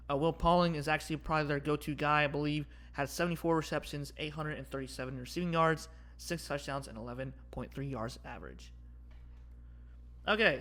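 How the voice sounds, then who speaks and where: A man's voice: a little high, fairly bright tone. Rambling young-sounding sports fan man. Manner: rambling, many fillers and restarts, opinionated. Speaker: sports video host. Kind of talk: casual sports prediction commentary.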